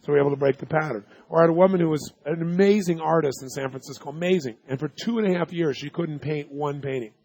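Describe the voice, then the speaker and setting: A man's voice: on the high side, fast, few pauses, a little mellow, dry recording. Emphatic man quizzing a seminar crowd. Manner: quizzes audience with yes-or-no questions; emphatic, storytelling delivery. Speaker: seminar speaker. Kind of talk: live seminar talk.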